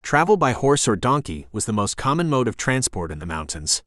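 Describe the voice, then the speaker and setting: A man narrating a thriller audiobook in a measured, descriptive reading. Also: medium pitch, sing-song, fairly bright tone, no echo, studio quality.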